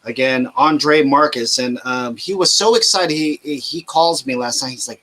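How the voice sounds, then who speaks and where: A man's voice: mid-range voice, animated, normal speed, hardly any pauses, bright, forceful tone. A man, hosting a casual podcast chat, rambling loosely and swearing freely. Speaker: podcast host.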